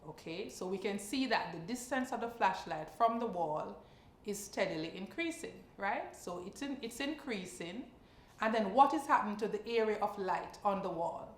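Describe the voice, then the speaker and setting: A woman teacher at a middle pitch talks through a science practice question one step at a time. She keeps asking her listeners short checking questions as she goes. Her voice carries a clear echo from the room. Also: lively intonation, moderate pace. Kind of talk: exam practice lesson.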